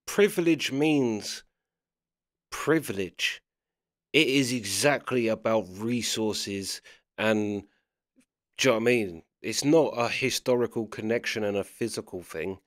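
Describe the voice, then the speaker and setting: A man's voice: lowish voice, normal speed, a bit bright, no room sound, clean studio sound. A man giving casual commentary while reacting to clips, chatty and always checking you follow him. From England. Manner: chatty, keeps asking "do you know what I mean".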